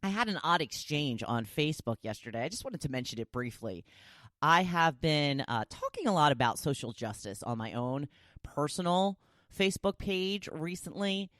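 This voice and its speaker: A middle-aged woman hosting her own podcast, talking casually and chattily, with big leaps up in pitch. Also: animated, normal speed, a bit bright, no room sound, studio quality. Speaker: podcast host. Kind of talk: casual solo podcast talk.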